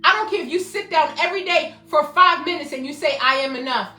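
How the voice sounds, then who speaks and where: A woman's voice: very high-pitched, quick pace, pushed and bright. A woman hosting a motivational self-help talk, emphatic and repetitive, speaking directly to her viewers by name. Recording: roomy echo, faint music behind.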